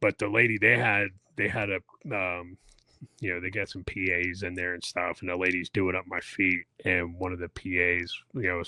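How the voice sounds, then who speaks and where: Low-voiced man rambling through a story. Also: flat delivery, moderate pace, pushed and bright, no room sound. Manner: rambling, filler-heavy, self-mocking storytelling. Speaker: podcast co-host. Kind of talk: casual chat, recounting an endurance event.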